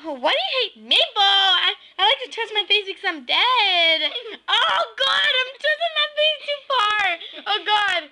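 A female voice that sits high and very bright, clowning her way through a homemade comedy video. She giggles and drifts into silly sing-song bits, keeping everything goofy and unpolished. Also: lively intonation, a little slow, rough recording. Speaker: home video maker. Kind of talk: playful homemade skit.

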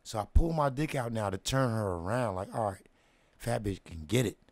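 A man hosting his own show, telling a long story in casual, slang-heavy talk, often dropping to hushed asides and asking if you follow him. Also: fairly low pitch, animated, moderate pace, no room sound. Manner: drops to hushed asides, asks "you know what I mean?".

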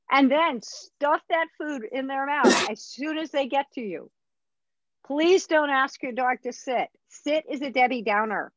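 A woman's voice: sits high, no echo, highs cut off. A woman dog trainer teaching a puppy class in a chatty, upbeat way. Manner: chatty, upbeat instructor who acts out dog voices.

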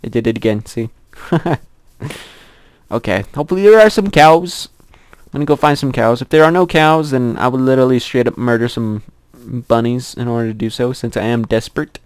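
A man's voice: normal speed, smooth, dry recording. Young male gameplay commentator, rambling, laughing often, dry close sound. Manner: chatty, giggly, rambling to himself; squeals in a high voice at cute animals.

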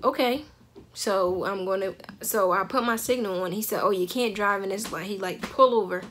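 A young woman tells a story straight to her viewers in a relaxed, chatty way. She laughs often and acts out what people said. Her pitch sits at a middle level for a woman. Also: moderate pace, slight background noise. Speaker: vlogger telling a story. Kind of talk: casual storytelling.

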